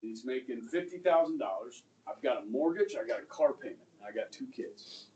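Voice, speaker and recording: A middle-aged male high school history teacher telling a story to his class, checking in with "okay?" and acting out the people in it. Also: lively intonation, fairly quick, dark tone, highs cut off. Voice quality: conversational, acts out quoted voices, asks "okay?" often. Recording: distant mic in a classroom, faint room noise.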